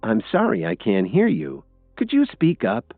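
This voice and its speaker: A man's voice: fairly low pitch, very animated, normal speed, no room sound. A man voicing a mischievous female police officer who teases playfully and sounds a little smug. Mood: teasing. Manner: playful, teasing, mildly smug. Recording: tinny phone-like audio with faint music.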